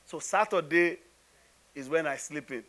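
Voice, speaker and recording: Pastor, male, high voice; preaches in a chatty, humorous way and keeps firing questions at the congregation. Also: unhurried, a bit bright. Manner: conversational and humorous, rhetorical questions. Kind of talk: sermon.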